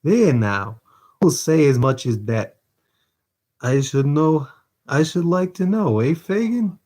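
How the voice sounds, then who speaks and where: A man reading aloud voices a slow-witted young male thief who pleads defensively. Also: fairly high pitch, expressive, warm tone, voice pushed up. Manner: pleading, piles question on question.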